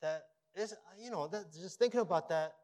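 A man preaching a sermon as pastor of his church, animated, rising to emphatic peaks and dropping to a low storytelling voice. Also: moderate pace.

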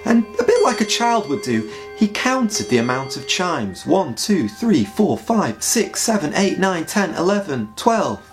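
Animated man telling a sermon story. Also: high-pitched, unhurried, hardly any pauses. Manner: animated storyteller, rising to an earnest plea. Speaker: preacher. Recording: soft music behind.

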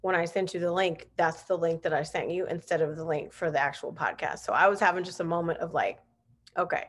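Woman, podcast host; easy chatty delivery, slightly low pitch. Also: fast talker. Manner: chatty, laughing, many "like" fillers. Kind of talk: casual video-call interview.

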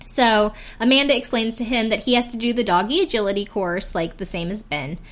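A young woman talks a little fast in a highish, fairly bright voice while hosting a laid-back podcast. Recapping a reality show, she giggles and chats, relying heavily on "like" and "um."

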